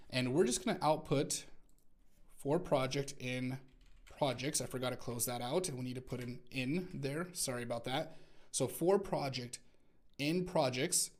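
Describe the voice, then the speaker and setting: A man teaching a coding lesson in a screencast, talking through each step as he types and correcting himself along the way. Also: mid-range voice. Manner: talks through typing step by step, self-correcting. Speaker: programming instructor.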